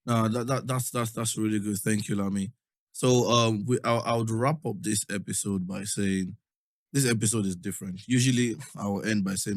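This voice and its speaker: Deep-voiced Nigerian man hosting a podcast. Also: steady tone, fairly quick, no room sound, studio quality. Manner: earnest, repeats "do you understand?". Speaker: podcast host. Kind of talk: casual chat.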